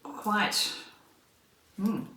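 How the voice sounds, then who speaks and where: A woman vlogging as she cooks at home, talking in an unhurried, chatty way while she stirs, serves and tastes her food. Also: pushed and bright. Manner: unhurried, chatty, talks while cooking and tasting. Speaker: cooking vlogger. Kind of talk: casual cooking vlog narration. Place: home kitchen. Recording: roomy, distant mic, faint kitchen noise.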